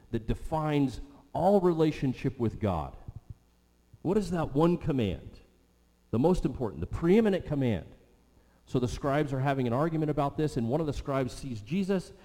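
A man preaching to his congregation, leaning hard on repeated phrases to drive each point home. His voice is mellow and dark. It rings out with a long reverb through a church sanctuary. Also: a little high. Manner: emphatic, repeats phrases for stress. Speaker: pastor. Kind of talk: sermon.

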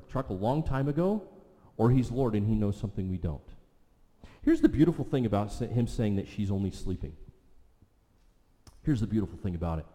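A man preaching a sermon, retelling a scripture story with vivid asides, slowing down and dropping to a soft voice for emphasis. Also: on the low side. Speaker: pastor. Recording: long reverb of a large hall.

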